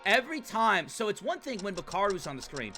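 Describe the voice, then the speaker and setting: A young man streaming a game, riffing excitedly to his chat and swearing freely at a desk mic. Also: sits high, fairly quick, soft background music. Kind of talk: gaming livestream commentary.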